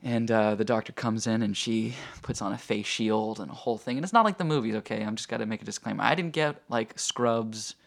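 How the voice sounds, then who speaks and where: A man as a guest telling a personal story in a casual, animated way, full of fillers and acted-out quotes. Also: on the low side, brisk, creaky, few pauses. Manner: animated, acts out quoted voices, filler-heavy.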